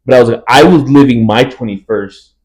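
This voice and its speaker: A young man in his twenties talks fast and keeps a casual, chatty flow as he co-hosts a podcast. He acts out his friends' lines while he tells stories. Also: medium pitch, poor audio. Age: 20s. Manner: animated storyteller acting out friends' lines. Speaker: podcast co-host. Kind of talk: casual chat.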